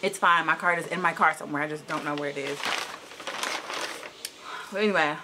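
A woman vlogging casually from her parked car, talking to a camera propped on the dashboard in an animated, anxious way. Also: brisk, noisy background. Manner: chatty and animated, rising high when annoyed. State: anxious, shaky nerves. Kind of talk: casual vlog chat.

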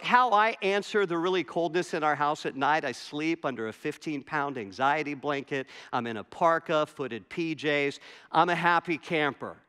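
A middle-aged pastor preaching a sermon, telling a funny, self-mocking story. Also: male voice, high-pitched, a bit bright, clean tone, long reverb tail. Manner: storytelling with humor and self-deprecation. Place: church sanctuary.

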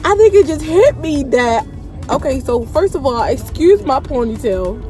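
A young woman vlogger with a high voice chats expressively into her phone camera while sitting in a car, recording a casual video diary at a moderate pace. She swings from quiet to loud and joyful, with faint music playing in the background.

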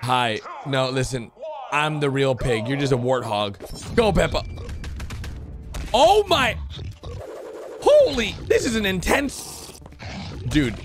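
Excitable man reacting over music. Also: mid-range voice, unhurried. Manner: excitable, exclamatory, cheers on characters. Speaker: reaction video host. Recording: music playing under the voice.

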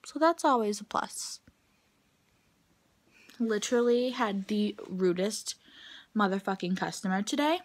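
A woman's voice: medium pitch, measured pace, long pauses. A young adult woman talking straight to camera in a casual vlog, venting bluntly and swearing freely about her day. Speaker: vlogger.

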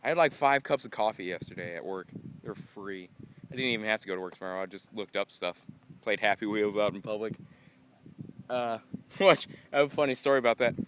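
A tired young man rambling goofily to a handheld camera outdoors in a casual vlog, breaking into excited yelps. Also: lowish voice, a little fast, slight background noise. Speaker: vlogger.

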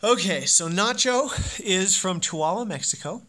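Excitable guy vlogging at home, bright voice, bouncy pitch. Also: normal speed, a little hiss or hum. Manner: playful, excitable. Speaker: dog owner and vlogger. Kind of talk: casual home vlog.

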